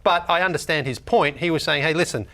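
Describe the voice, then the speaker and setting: A man talks fast on a sports panel show, chatty and light. His voice sits a touch high. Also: pushed and bright. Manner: quick, chatty, light laughs. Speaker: sports talk show co-host. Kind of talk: sports talk show banter.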